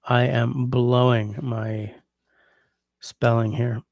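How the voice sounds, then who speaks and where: During an easygoing livestream, a male host works through viewer comments and tests out possible French renderings of phrases aloud. He draws out his words in a gravelly mid-range voice, and the close recording has no room sound at all.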